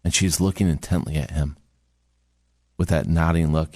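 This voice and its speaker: Deep-voiced man telling a story. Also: steady tone, moderate pace, a little mellow, dry recording. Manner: emotional storytelling, rising to earnest motivational urging. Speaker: podcast host and communication trainer. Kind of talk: storytelling talk.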